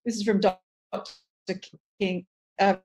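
A woman's voice: medium pitch, slow pace. Fields: Woman. Role: dialect coach. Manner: articulate, animated, restarts phrases. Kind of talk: interview conversation.

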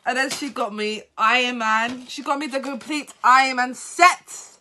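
A tired woman vlogger unboxing gifts at home, talking in an excitable, apologetic way. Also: high voice, a little slow. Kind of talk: unboxing vlog.

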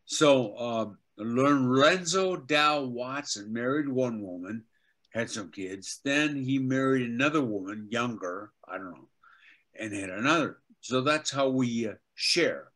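An older man, a veteran voice actor and teacher, telling animated anecdotes as an interview guest. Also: medium pitch, a little slow. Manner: animated anecdotes, acts out quotes. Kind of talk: casual interview storytelling.

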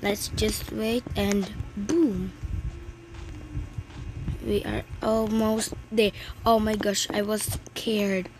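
A woman from the Philippines, giving excitable, chatty commentary on her gameplay with many exclamations. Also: medium pitch, drawn-out words, long pauses. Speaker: gaming channel host. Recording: clear background noise with clicks.

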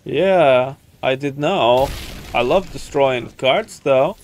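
A man's voice: medium pitch, slow pace. A man streaming a video game, chatting casually and exclaiming at what happens, in a playful put-on country accent. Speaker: gaming streamer. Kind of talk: casual let's-play commentary.

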